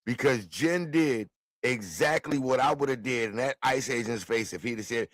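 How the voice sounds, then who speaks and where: A man talking on a live stream, animated and profane, quick to burst out laughing and yelling. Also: medium pitch, no room sound. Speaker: panelist on a live talk stream. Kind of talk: casual live-stream chat.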